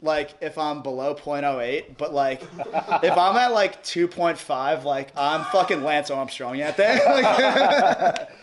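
A man's voice: on the high side, expressive, takes it slowly, very noisy. A young man with a New York accent telling a rowdy story in casual chat, rambling, cursing and laughing often. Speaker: podcast guest.

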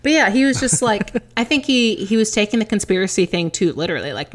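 Animated woman in lively podcast chat. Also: medium pitch, quick pace. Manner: animated, laughing, swearing. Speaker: podcast co-host. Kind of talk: casual chat.

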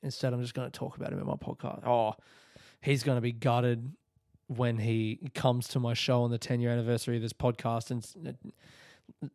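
A young man rambles through a solo podcast episode, swearing freely and laughing at his own ideas. His voice sits at an ordinary middle pitch. The sound is dry and close, with no room echo. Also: little pitch movement, brisk, a little mellow. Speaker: podcast host, comedian. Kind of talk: casual solo podcast rant.

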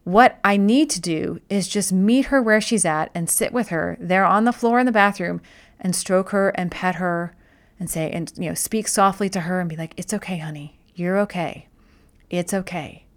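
A woman's voice: medium pitch, moderate pace. A woman speaking as a wellness host in a casual explanatory talk, conversational, often restarting and repeating words.

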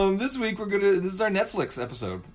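A man's voice: high voice, big pitch swings, brisk. A man co-hosting a podcast in casual chat, rambling a little and laughing easily. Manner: chatty, laughs easily, trails off and restarts. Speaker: podcast co-host.

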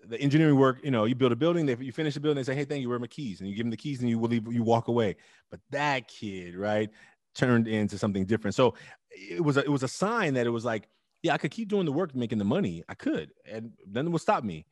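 A middle-aged man telling his story as an interview guest, emphatic and animated with loud bursts. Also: mid-range voice, quick pace, dry recording, studio quality. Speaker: interview guest, teacher and club founder.

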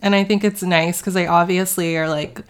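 A woman co-hosting a casual chat, relaxed, laughing easily and drawing out her words. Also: lowish voice, normal speed, smooth. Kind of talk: casual chat about reality TV.

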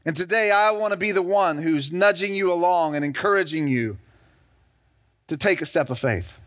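Man, pastor, high voice, sermon, call-and-response questions, middle-aged. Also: normal speed, a bit bright.

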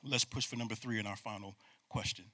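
A man preaching a sermon with call-and-response, swinging from loud bursts to hushed asides. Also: lowish voice, fairly even intonation, fast talker. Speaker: pastor.

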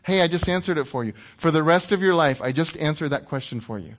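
A middle-aged man preaching a sermon in a conversational, playful way, dropping to a hushed voice when he quotes God. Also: a little high, lively intonation, quick pace.

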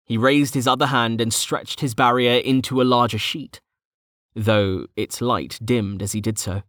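A man's voice: mid-range voice, dry recording. Man narrating a fantasy audiobook, dry sound. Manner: steady, measured storytelling.

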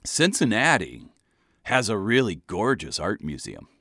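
A man's voice: fairly low pitch, wildly swooping pitch, measured pace, a bit bright, pitched below the performer's own voice, exaggerated voice. A man voicing a tipsy young buddy who rambles in loose, offhand chatter. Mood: rambling.

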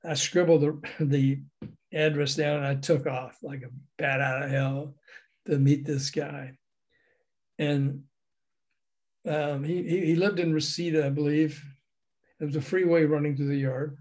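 Older man from the South, slightly high voice, a storyteller who acts out the voices in his tales. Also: unhurried, pauses often. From American South. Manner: animated, acts out the voices in his stories, laughs often. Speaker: guest recounting a music industry career. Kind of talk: anecdotal storytelling in an interview.

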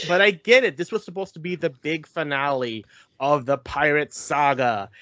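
A man's voice: mid-range voice, a bit bright, dry recording, highs cut off. A man co-hosting a podcast in casual chat, candid and laughing often. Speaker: podcast co-host.

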